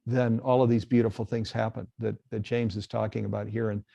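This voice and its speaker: A man's voice: lowish voice, little pitch movement, brisk, creaky, mellow, no room sound, highs cut off. A man hosting a live spiritual webcast, talking earnestly and reading viewer questions aloud. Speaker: host. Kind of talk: casual live webcast talk.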